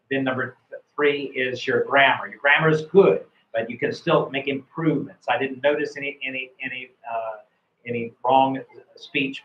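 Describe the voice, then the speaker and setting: The coach's voice is medium in pitch and a bit bright. Working as an IELTS speaking examiner, he reviews a student's speaking test, praising the responses while frequently going back over words and starting sentences anew; the sound is lo-fi, dull and roomy.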